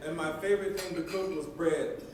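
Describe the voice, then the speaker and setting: A man's voice: on the high side, steady tone, a little fast, crowd noise. A man giving a banquet address, folksy and emphatic, with a slightly raised voice. He is heard from a distance. The sound echoes heavily through a big hall with background noise. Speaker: banquet speaker. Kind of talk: storytelling speech.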